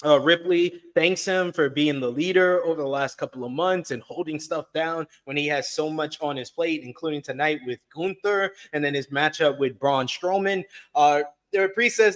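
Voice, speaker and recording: A man hosting a laid-back review show speaks in a slightly raised voice. He reads viewer comments aloud and answers each one with quick, easy reactions. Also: a little high. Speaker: podcast host reading viewer comments. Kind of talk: casual review chat.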